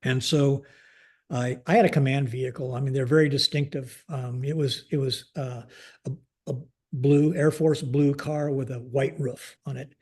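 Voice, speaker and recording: A man's voice: mid-range voice, steady tone, normal speed, a little mellow, slightly rough. An older American man, a retired Air Force general, telling a story in a podcast interview and acting out the dialogue. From United States. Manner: conversational, acts out dialogue in quotes, frequent fillers.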